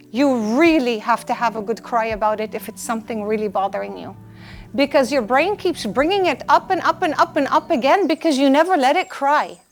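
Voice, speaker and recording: A woman delivers a live lecture to students in a slightly raised voice. She is earnest and insistent and comes back to the same point again and again. Faint music sits in the background. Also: high-pitched. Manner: earnest, emphatic, repeats key points. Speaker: lecturer on personal well-being.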